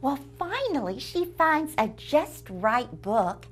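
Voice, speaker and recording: Woman host of a kids' book show: high, very animated storyteller voice with sing-song reading and the odd whisper. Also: slow, slight background noise. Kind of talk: storytelling to children.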